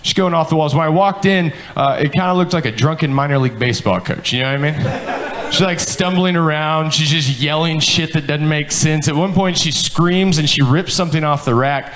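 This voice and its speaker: A man in his thirties doing profane stand-up storytelling on a club stage, animated and acting out quotes. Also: on the high side, a little fast. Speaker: stand-up comedian. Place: comedy club stage with laughing audience. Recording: live club with audience laughter.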